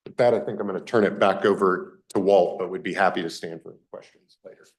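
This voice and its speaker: A man's voice: low voice, fairly even intonation, fast. A man giving a formal presentation to a local government meeting, building his case in repeated lists. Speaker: project presenter to a county government.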